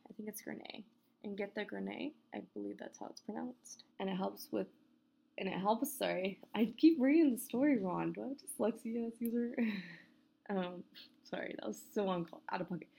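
Gravelly young-sounding woman stumbling through a story. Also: medium pitch, darkish tone. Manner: stumbles over words, restarts and apologizes; casual and swearing, laughs at herself. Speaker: story narrator. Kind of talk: unedited story reading with outtakes. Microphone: home mic with headphones bumping it.

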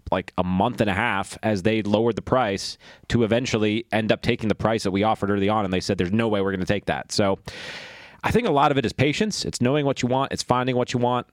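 A man's voice: fairly low pitch, quick pace, dry recording, studio quality. A man co-hosting a podcast, talking candidly and self-deprecatingly as he thinks aloud. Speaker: podcast co-host. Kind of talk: casual podcast chat.

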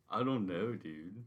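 A man's voice: fairly low pitch, highs cut off. A young man co-hosting a crude podcast, swearing, joking and laughing often. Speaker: podcast co-host. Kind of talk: crude casual podcast chat.

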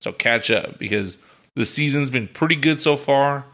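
Gravelly-voiced bright young man, casual chat. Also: mid-range voice, moderate pace. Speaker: podcast co-host.

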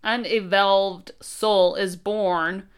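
A woman's voice: mid-range voice, steady tone, extremely slow, smooth. A young woman in casual chat, playful and joking, laughing often as she reads aloud.

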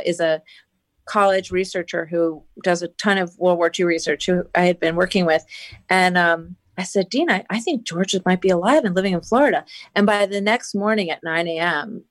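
This woman, a podcast guest with a fairly low-pitched voice at normal speed, tells her story earnestly and with animation. Fillers like "you know" crop up constantly, and there is no echo.

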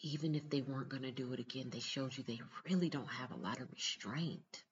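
A woman's voice: extremely low pitch, brisk, lo-fi sound, background noise. A mother talking straight to her viewers in a casual vlog, earnest, emphatic and direct. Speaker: mother giving relationship advice.

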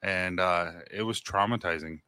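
Bright-voiced man in his thirties. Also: deep voice, moderate pace, clear, resonant tone, dry recording. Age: 30s. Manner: candid, self-deprecating storyteller. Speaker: podcast co-host. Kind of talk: casual storytelling chat.

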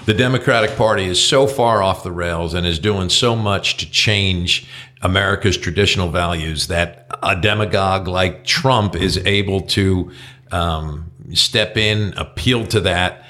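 A man's voice: deep voice, a little slow, pushed and bright. A man co-hosting a casual political talk show, blunt and swearing freely, trailing off into restarts. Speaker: podcast co-host.

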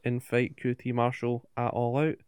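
A man's voice: mid-range voice, completely flat delivery, normal speed, darkish tone, clean tone, no room sound. A man co-hosting a podcast, recapping wrestling in casual chat with swearing and rhetorical questions. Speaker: podcast co-host.

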